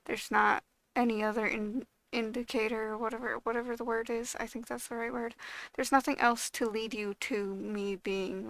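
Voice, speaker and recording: A young woman vlogging in casual chat, with a gravelly, low-energy voice, rambling and frustrated, full of fillers and swearing. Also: a bit bright, no echo.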